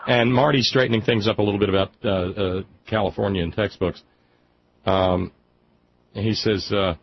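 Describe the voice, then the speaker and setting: A man's voice: on the low side, steady tone, moderate pace, slight background noise. A man with a Southern accent hosting a radio call-in show, talking in a wry, rambling way with many restarts. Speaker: radio talk show host. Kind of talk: casual call-in chat. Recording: slightly muffled radio broadcast.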